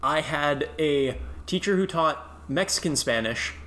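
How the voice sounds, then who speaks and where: A man's voice: fairly high pitch, measured pace, fairly bright tone. A young man chatting as a guest, telling stories in a self-deprecating way. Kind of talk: casual chat.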